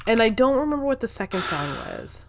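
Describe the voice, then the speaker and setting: A woman co-hosting a podcast, chatting in a relaxed way and laughing now and then. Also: fairly high pitch, fast talker. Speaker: podcast co-host. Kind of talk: casual podcast chat.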